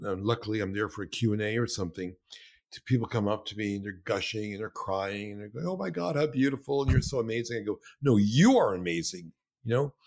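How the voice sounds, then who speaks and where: Man, lowish voice, casual talk, lively storyteller who acts out what people said. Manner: animated, acts out quotes. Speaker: filmmaker. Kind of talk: casual conversation.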